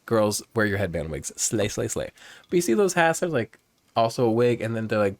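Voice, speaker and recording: A man's voice: fairly low pitch, big pitch swings, brisk, dry recording. A man giving campy, chatty let's play commentary while playing a game, joking and swearing freely. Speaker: gamer, host.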